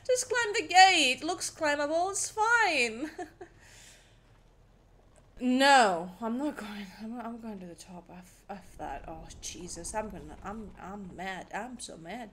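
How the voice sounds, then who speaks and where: A woman's voice: on the high side, expressive, slow, a bit bright, a little hiss or hum. A young woman commenting casually while playing a game, jumpy and chatty, mocking herself. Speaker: gaming streamer. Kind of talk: casual let's-play commentary.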